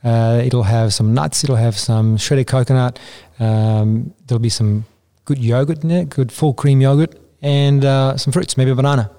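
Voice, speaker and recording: An Italian-accented man with a mellow, dark voice speaks as a podcast guest. He talks plainly and pauses to find his words. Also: mid-range voice, fairly even intonation. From Italy. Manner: hesitant, halting, plain-spoken. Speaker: martial arts guest. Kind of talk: casual podcast interview.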